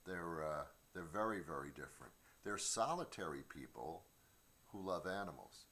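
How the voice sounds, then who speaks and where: A man's voice: deep voice, big pitch swings, normal speed, fairly bright tone. A middle-aged man hosting a comedy show from his home studio, rambling through a stand-up monologue with stammered restarts and mock voices. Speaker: comedian host.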